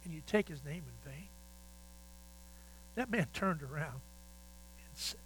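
An older man, a pastor, telling folksy stories in a sermon with animated, repetitive phrasing. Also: sits high, measured pace, pauses often, low-quality recording. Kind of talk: sermon storytelling.

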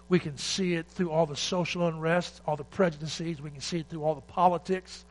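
A man preaching a sermon, moving between loud urgent exhortation and quiet, emotional retelling of a scripture story. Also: fairly high pitch, normal speed, low-quality recording. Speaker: pastor. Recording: faint mains hum.

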